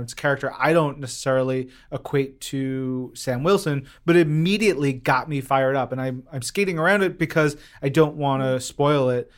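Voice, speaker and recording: A man co-hosting a casual podcast chat, telling stories with animated enthusiasm. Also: medium pitch. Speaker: podcast co-host reviewing comics.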